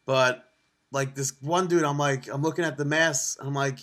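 A man co-hosting a podcast in casual chat, telling travel stories and acting out street vendors in quick voices. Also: mid-range voice. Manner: animated storyteller, acts out vendors in quick put-on voices. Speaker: podcast co-host. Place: on the road in Cancun.

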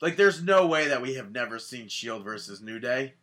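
Podcast co-host, male, bright tense tone, animated recap chat. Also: medium pitch, normal speed. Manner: animated, acts out quotes in goofy voices. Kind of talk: casual wrestling recap chat.

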